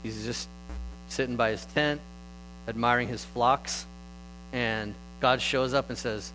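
A man preaching in an easygoing, conversational voice of ordinary pitch. He tells the stories casually, picking up energy now and then. A faint electrical hum sits behind him. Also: slow, low-quality recording. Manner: conversational, animated storytelling. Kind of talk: sermon.

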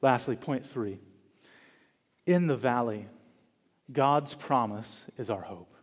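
A man preaching a sermon as pastor in a church, slow and deliberate, with dramatic pauses and emphatic repetition. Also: medium pitch. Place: church sanctuary. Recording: long church reverb.

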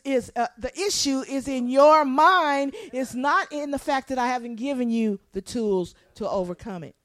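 A woman pastor preaching a sermon, animated, acting out quotes and asking the congregation to respond. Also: sits high, moderate pace, dry recording.

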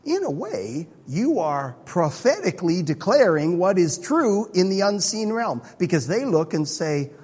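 Husky-voiced man preaching in a reverberant hall. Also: high-pitched, a little slow, few pauses. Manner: animated, conversational preaching. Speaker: pastor. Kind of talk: sermon.

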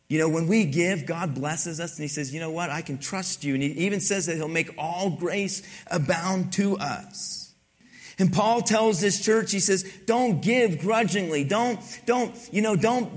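A man preaching a sermon as pastor, talking conversationally and teasing his congregation, repeating key lines. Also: high-pitched.

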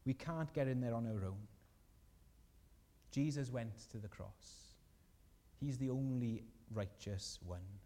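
A man's voice: mid-range voice, slow pace, pauses often, dark tone, long reverb tail. A man preaching a sermon as a pastor, earnest and rising in emphasis on key lines.

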